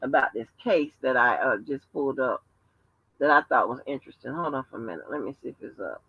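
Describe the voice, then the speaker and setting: A woman livestreaming casually from home talks fast in an animated, husky bass voice, telling profane, emphatic stories. The recording is dry, with dull lo-fi livestream audio.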